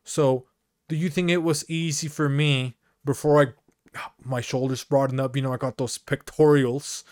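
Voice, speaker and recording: A man's voice: mid-range voice, fairly even intonation, normal speed, a little mellow, no echo, studio quality. Rambling man telling stories, "dude" every line. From Mexico. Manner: rambling, peppers talk with "dude" and "you know". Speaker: podcast co-host. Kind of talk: casual comedic storytelling.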